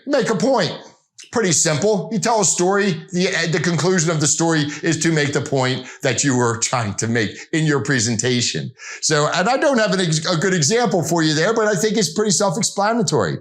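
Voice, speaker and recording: A man's voice: fairly high pitch, a bit bright. A middle-aged man giving an informal sales training talk, conversational and rambling, with frequent restarts.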